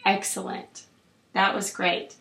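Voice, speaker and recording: A woman clinician calmly guiding a patient through an oral exam, with steady, encouraging instructions. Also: takes it slowly. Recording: roomy echo.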